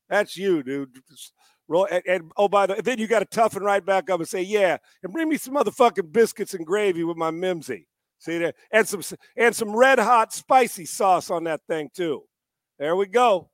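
A middle-aged man hosting a sports talk show, loud and joking, telling stories with put-on voices. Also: high-pitched, expressive, moderate pace, no room sound, studio quality. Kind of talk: casual podcast banter.

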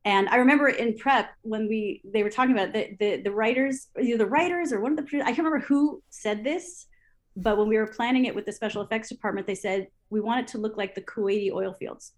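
A woman recounting television production stories in an interview, lively, acting out her own past thoughts aloud with many fillers and restarts. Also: on the high side, fast talker. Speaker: interview guest, TV assistant director. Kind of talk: storytelling in an interview.

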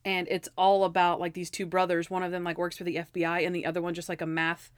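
A woman's voice: lowish voice, completely flat delivery, quick pace, smooth, dry recording. A young woman retells a TV episode in casual chat, full of "like" fillers. She acts out the lines with animation. Her voice sounds dry and close, with no room around it. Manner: frequent "like" fillers.

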